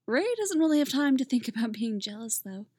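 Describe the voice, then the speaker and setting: A woman reading fan fiction aloud in a gentle, intimate storytelling manner. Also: on the high side, expressive, a little fast, husky, no room sound, studio quality. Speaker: audiobook reader.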